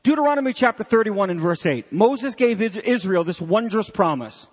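A man preaching with a high, lively voice, mixing jokes into his sermon. His voice carries a long hall reverb, as from a church sanctuary. He works to keep the congregation following along. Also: normal speed, few pauses, husky. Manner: animated, jokey preacher. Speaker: pastor.

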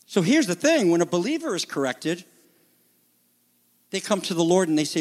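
A middle-aged man preaching a sermon in an animated way, acting out the voices he quotes. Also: high voice, moderate pace. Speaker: pastor.

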